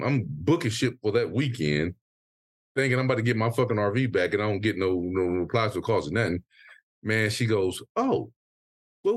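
A man co-hosting a casual podcast chat, venting with a profane, animated story full of quoted back-and-forth. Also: medium pitch, no room sound, clean studio sound. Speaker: podcast co-host.

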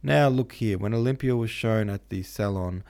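A man's voice: fairly low pitch, normal speed, gravelly, a little mellow. A man voicing a hot-tempered young male painter who argues vehemently. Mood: heated. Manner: vehement, declaiming.

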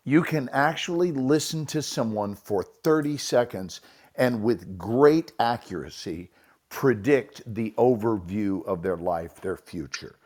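A man's voice: lowish voice, expressive, a little slow, a little mellow. A man giving a motivational talk in a live audio chat, folksy and preachy with homely comparisons. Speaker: speaker in an audio room.

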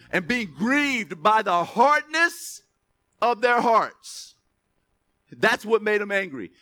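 High, lively male pastor preaching. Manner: conversational, laughing, keeps asking "right?". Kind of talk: sermon.

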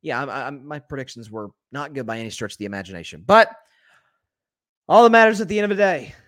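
This podcaster hosts a sports talk show by himself, his mid-range voice expressive and fairly bright. He's blunt and opinionated, addresses listeners as folks, and fixes his own slips on the fly in a conversational way. Clean studio sound, no echo.

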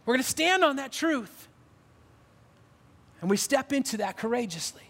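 A man's voice: very high-pitched, animated, moderate pace, a bit bright. A man preaching a sermon as pastor, earnest and emphatic, often restarting his phrases. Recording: long reverb of a large hall.

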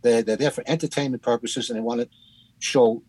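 A man co-hosting a podcast, critiquing a documentary in a casual, halting way with many fillers and restarts. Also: mid-range voice, fairly even intonation, a little mellow, husky, no room sound, low-quality recording. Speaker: podcast co-host.

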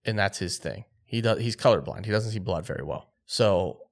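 Man, podcast co-host, lowish voice, casual storytelling, filler-heavy, quotes dialogue. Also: fairly quick. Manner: excited, lively retelling with quoted dialogue; laid-back, filler-heavy speech with frequent "like".

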